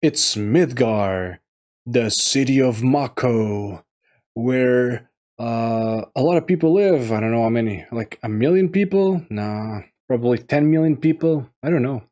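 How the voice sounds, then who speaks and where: Slow, halting man rambling through a review. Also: mid-range voice, animated, mellow. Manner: halting and rambling, many fillers and restarts. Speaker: video game reviewer. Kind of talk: casual solo commentary.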